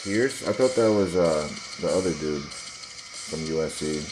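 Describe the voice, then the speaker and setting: Low-voiced man doing casual football commentary. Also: measured pace, music in the background, low-quality recording. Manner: conspiratorial, dismissive, talks to viewers directly. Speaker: sports video host. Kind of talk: casual commentary over game footage.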